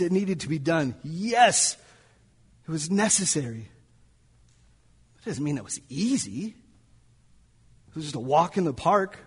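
A man with a fairly high, husky voice preaches in a church sanctuary, and a long reverb tail trails his words. He is a pastor delivering a sermon, recounting a story dramatically and sometimes dropping almost to a whisper.

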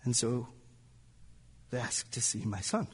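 A man's voice: mid-range voice, lively intonation, unhurried, slightly rough, long reverb tail. A male pastor preaching a sermon in a church, telling a story dramatically and sometimes dropping to near-whispers. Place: church sanctuary.

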